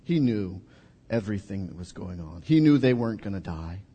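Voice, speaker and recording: A man preaching a sermon to a congregation in a church hall, telling the story dramatically, acting out voices and dropping to a hush at key moments. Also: on the low side, lively intonation, normal speed, slightly rough. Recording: reverberant hall.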